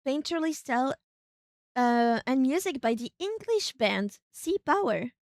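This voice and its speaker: A fairly high-pitched woman chats her way through a live game stream, rambling as she thinks aloud and breaking into excited exclamations. The sound is close and dry, with no room echo. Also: measured pace.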